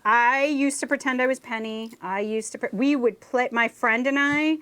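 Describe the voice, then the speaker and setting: A woman's voice: a little high, moderate pace, pushed and bright, smooth. Playful chatty woman host. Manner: playful, tells stories with acted-out quotes and sound effects. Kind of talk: casual chat while building a LEGO set.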